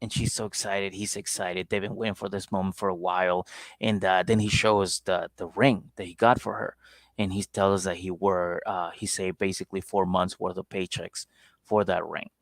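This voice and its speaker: A man co-hosting a comedy podcast, telling stories casually and jumping into high-pitched impressions. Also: level tone, moderate pace, no room sound, clean studio sound. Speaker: podcast co-host.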